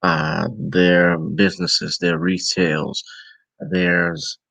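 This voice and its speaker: A man's voice: low-pitched, drawn-out words, vocal fry, no room sound, low-quality recording. A tired man with a New Orleans accent, talking casually on his live stream as a vlogger and podcast host, rambling and correcting himself. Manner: rambling, relaxed, self-correcting. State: tired and yawning.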